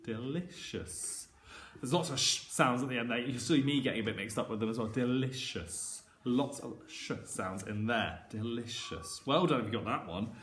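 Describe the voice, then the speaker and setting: A man teaching a phonics lesson to primary school children, sounding out each word slowly and clearly and praising often. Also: medium pitch, fairly bright tone, a little hiss or hum. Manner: encouraging, with frequent praise. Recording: echoey room.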